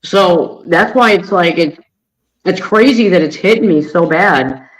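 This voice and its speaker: Hoarse friendly man hosting a livestream. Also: sits high, measured pace, low-quality recording. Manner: friendly, greets chat viewers by name. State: hoarse from allergies. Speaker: livestream host. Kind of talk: casual livestream chat.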